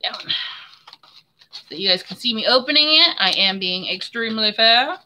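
A woman's voice: fairly high pitch, lively intonation, moderate pace, sharp tone, slight background noise. A woman hosting a live giveaway stream of her handmade soaps. She talks in a chatty, friendly way, calls viewers hon and my friend, and laughs often. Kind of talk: casual live stream chat.

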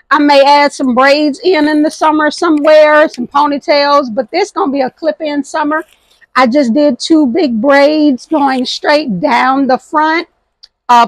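A woman with a high, slightly hoarse voice hosts a casual vlog in a lively, affectionate way, calling her viewers honey. She is recorded outdoors on a patio at night. The sound is dry, with almost no reverb. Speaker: thrift and home vlog host.

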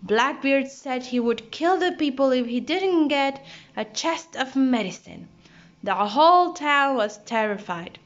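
A woman's voice: sits high, expressive, unhurried. A woman voicing chattering worried turtles. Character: group of worried sea turtles. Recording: dull lo-fi audio.

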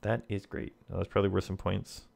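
Gravelly low-voiced man playing a text game. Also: level tone, fast talker, darkish tone. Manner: reads game text and comments wryly to himself. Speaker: let's player. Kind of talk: reading a text adventure aloud with casual commentary.

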